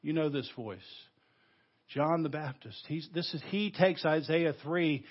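Husky preacher with a muffled sound. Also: male voice, a little high. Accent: Southern US. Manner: emphatic preaching, swinging between loud stresses and hushed, slow phrases. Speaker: pastor. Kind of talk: sermon. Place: church sanctuary.

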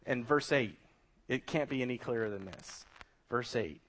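A man's voice: medium pitch, normal speed, slight background noise. A middle-aged man preaching a sermon as a pastor, emphatic and full of rhetorical questions.

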